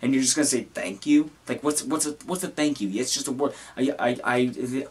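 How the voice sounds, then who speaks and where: A young man talking to camera about his own feelings, halting and earnest, with many restarts. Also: mid-range voice, husky. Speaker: content creator. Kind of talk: personal talk to camera.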